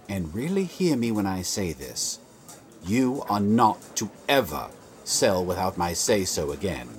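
This is a stern theater producer in an audio drama. He scolds with cold sarcasm, his pitch rising and falling a lot. Faint music plays underneath. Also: heavily acted. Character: stern adult male theater producer, proud and cutting.

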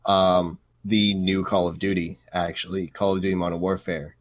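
A man's voice: sits low, flat delivery, normal speed, no room sound. A young married man co-hosting a podcast, rambling with lots of fillers and blunt swearing. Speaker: podcast co-host. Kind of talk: casual podcast chat.

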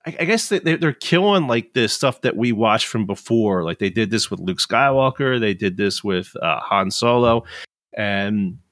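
A man's voice: fairly low pitch, animated, normal speed, fairly bright tone, no room sound, clean studio sound. A man in his fifties, chatting casually and ranting in frustration, swearing freely. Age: 50s. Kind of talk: casual chat.

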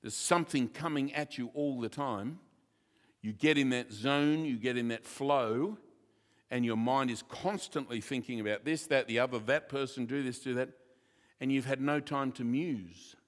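A male pastor preaches with playful asides and quick jokes. His voice sits at a medium pitch. It rings with the long reverb of a church hall. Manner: jokey, lively preaching with asides. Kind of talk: sermon.

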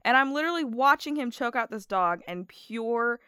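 A woman guest on a podcast, chatting casually and telling stories with animated, acted-out quotes. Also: a little high, normal speed, smooth, no room sound, studio quality. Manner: animated storyteller, acts out quotes. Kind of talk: casual chat.

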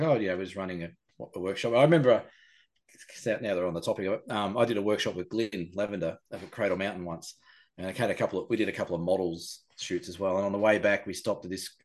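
A man, co-hosting a podcast and rattling off animated anecdotes. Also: deep voice. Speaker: podcast co-host. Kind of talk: casual chat.

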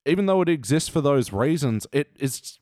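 A man's voice: a little high, animated, normal speed, dark tone, no room sound. Chatty male podcast host, dry close mic. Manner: playful, chatty, laughs often. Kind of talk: casual chat.

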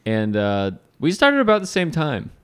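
A man's voice: fairly high pitch, wildly swooping pitch, moderate pace, fairly bright tone, clean tone. A man co-hosting a comedy podcast, chatting jokingly and reading playful mock ads. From Georgia, US. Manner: jokey, reads mock ads with laughs. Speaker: podcast co-host. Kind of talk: casual comedy podcast chat.

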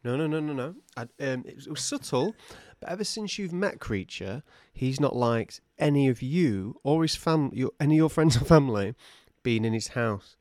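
Man, podcast co-host, jokey, lively delivery, dry sound. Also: mid-range voice, moderate pace, few pauses, no echo. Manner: jokey, slips into silly voices for characters. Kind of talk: comedic book-discussion podcast chat.

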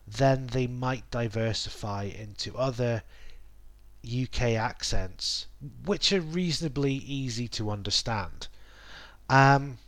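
A man explaining language accents and dialects in a measured teaching manner, restating points and pausing with ums. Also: lowish voice, fairly bright tone, dry recording. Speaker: English teacher.

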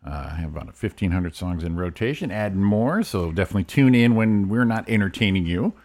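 A man's voice: deep voice, animated, brisk, a little mellow. A man hosting a morning radio show, bantering and joking with his co-hosts in a casual way. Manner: jokey, playful banter. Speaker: radio host.

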